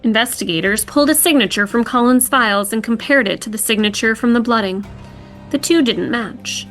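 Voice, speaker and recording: Woman telling a true crime story, higher bright voice, music under. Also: a little fast. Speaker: podcast host.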